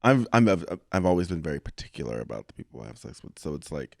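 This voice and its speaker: A man's voice: sits low, fast, creaky, no room sound, clean studio sound. A man co-hosting a podcast, telling stories in casual chat and acting out other people's voices. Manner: animated storyteller, acts out voices. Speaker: podcast co-host.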